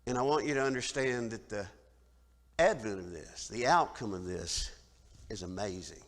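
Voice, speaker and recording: A minister preaching a sermon, swinging from loud, dramatic declaring to quiet, reflective lines. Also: male voice, on the low side, normal speed. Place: church sanctuary. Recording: long church reverb.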